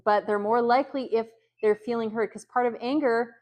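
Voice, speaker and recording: A woman's voice: fairly high pitch, steady tone, a little fast. Woman trainer, casual and hesitant, acts out sample lines for staff. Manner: conversational, many ums, acts out example phrases brightly. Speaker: youth worker trainer. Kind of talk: training talk.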